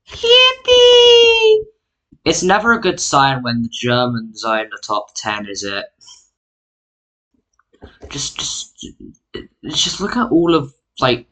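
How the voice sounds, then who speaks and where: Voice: medium pitch, fairly bright tone. A mapping YouTuber narrating an alternate history in casual, rambling, self-mocking commentary, full of "like" fillers, sounding tired. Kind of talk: casual screen-recorded commentary.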